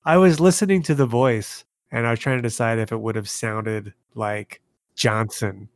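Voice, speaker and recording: A man's voice: mid-range voice, steady tone, normal speed, no echo. A man co-hosting a podcast, recapping a movie plot casually with a wry, playful manner. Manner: wry, playful, laughing easily. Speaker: podcast co-host. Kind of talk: casual chat.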